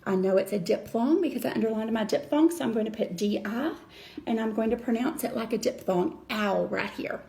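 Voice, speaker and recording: A woman teacher walks children through a reading lesson, patient and deliberate. Her voice sits a little high with a gravelly fry in it. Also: mellow. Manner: slow, patient step-by-step explaining.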